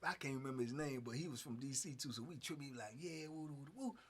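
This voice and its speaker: A man in his fifties telling a story casually, animated, with punchy sound effects and frequent fillers. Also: medium pitch, quick pace, husky. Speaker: host.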